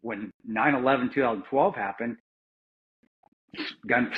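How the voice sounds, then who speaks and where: A husky middle-aged man from the United States talks through his combat memories in a candid, plain-spoken way, often restarting sentences and swearing now and then. The audio is dull and a bit lo-fi, like a modest podcast setup. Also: medium pitch, measured pace, pauses often. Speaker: interview guest, former Army Ranger and security contractor. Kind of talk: candid conversational storytelling.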